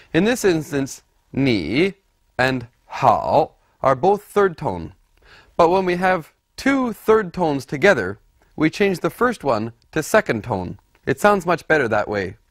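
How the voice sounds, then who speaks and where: Male teacher for scripted lesson narration: unhurried, deliberate, very animated intonation, dry studio sound. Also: on the high side, dry recording. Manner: deliberate, explanatory, models words by repeating them. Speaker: language teacher.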